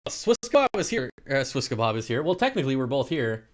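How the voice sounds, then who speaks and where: Live stream host, male, middle pitch; easygoing chatter, reads and answers comments, quick laughs. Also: big pitch swings. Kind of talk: casual live stream chat.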